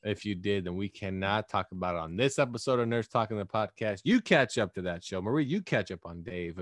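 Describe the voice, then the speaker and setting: Lively, joking male podcast host. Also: lowish voice, a little fast, no echo, studio quality. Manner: animated and joking, slips into mock voices. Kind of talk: casual podcast chat.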